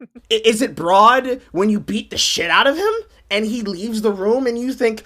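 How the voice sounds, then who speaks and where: A woman's voice: a little high, normal speed. A woman hosting a stream, ranting sarcastically and profanely in a comedic commentary. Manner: animated, sarcastic rant with voices. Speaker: streamer host.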